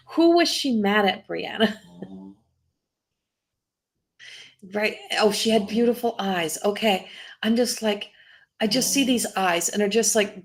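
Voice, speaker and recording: A woman psychic medium giving a live reading, her voice carrying a gravelly, fry-edged texture. She rambles and restarts her sentences, breaking into laughs now and then, and her pitch stays in a middling range for a woman. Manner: rambling, self-interrupting, laughs often.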